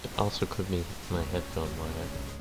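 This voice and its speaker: A man streaming a video game, reading its text aloud in a flat voice with quiet asides of his own. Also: sits low, moderate pace, loud music behind the voice. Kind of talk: casual let's-play narration.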